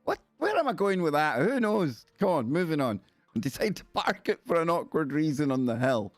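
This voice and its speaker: A man's voice: on the high side, sing-song, normal speed, dry recording, soft background music. Scottish man, rambling and jokey, chatting to his viewers on a live stream, dry sound. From Scotland. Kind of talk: casual live stream chat.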